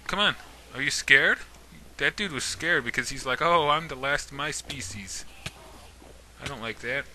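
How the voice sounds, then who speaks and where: A man's voice: medium pitch, lively intonation, moderate pace, bright, forceful tone, slight background noise. A man giving casual let's-play commentary, talking to game mobs in a jokey, mock-menacing way. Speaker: gaming YouTuber.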